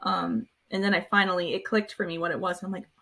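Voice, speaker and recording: A woman's voice: lowish voice, fairly even intonation, quick pace, gravelly, sharp tone. A young woman co-hosting a podcast, chatting casually and hesitantly, searching for words. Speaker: podcast co-host. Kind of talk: casual chat.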